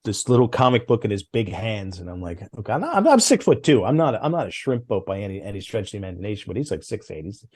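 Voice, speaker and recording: A man's voice: lowish voice, fast, few pauses, husky, no echo, clean studio sound. A middle-aged man, a former comics editor, telling stories in an interview and acting out the dialogue. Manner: animated, acts out quoted dialogue. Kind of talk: interview storytelling.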